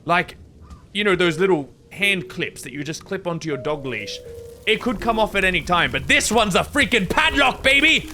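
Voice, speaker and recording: A man's voice: high voice, very animated, moderate pace, bright, forceful tone, faint music behind. A man giving goofy, dramatic, self-mocking commentary while playing a video game. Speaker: gaming video creator. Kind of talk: let's-play commentary.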